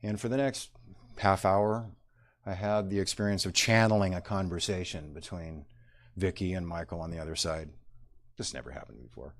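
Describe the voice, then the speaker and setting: A middle-aged man telling a personal story to an audience, halting and reflective, with many pauses and fillers. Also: sits low.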